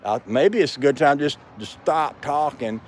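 Standing outside near his home, an older male vlogger talks in a folksy, rambling manner, tired and slightly breathless. He sounds animated, with a fairly high pitch and moderate pace, over slight background noise.

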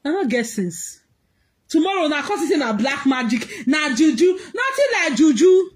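A Nigerian woman ranting in vlog commentary, mixing pidgin and English, laughing through her words and shouting out bursts as she scolds. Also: high-pitched, sing-song, normal speed. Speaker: social media commentator.

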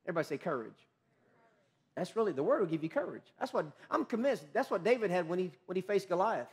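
High-pitched guy preaching, gets loud then drops way down, lots of restarts. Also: lively intonation, racing. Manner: emphatic preaching, rising loud on key phrases and dropping low and quiet; repeats himself and restarts mid-phrase. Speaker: pastor. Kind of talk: sermon.

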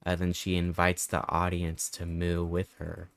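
A man talks casually through a live game stream, chatty and playful, drifting into rambling asides. His voice sits on the low side. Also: monotone, unhurried, gravelly, a bit bright, no echo.

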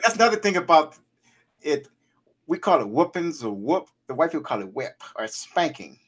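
A man telling childhood stories in casual chat, animated and laughing often, swearing freely. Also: fairly high pitch, moderate pace, slightly rough. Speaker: podcast co-host.

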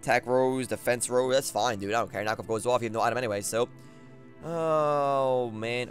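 A young man giving live commentary on his own online game battle, excitable and trash-talking, repeating phrases as he plays. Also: medium pitch, moderate pace, smooth, soft background music. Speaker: gaming commentator.

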